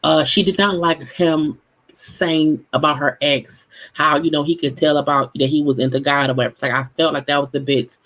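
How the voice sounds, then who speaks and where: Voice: mid-range voice, steady tone, moderate pace, fairly bright tone, rough recording. A host giving casual recap commentary on a dating show, blunt, profane and exasperated.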